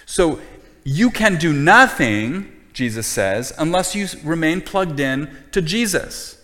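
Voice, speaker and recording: A man's voice: fairly high pitch, lively intonation, slow, bright, forceful tone. Emphatic preacher man in a reverberant hall. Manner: earnest, emphatic preaching with frequent repetition. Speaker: pastor. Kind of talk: sermon.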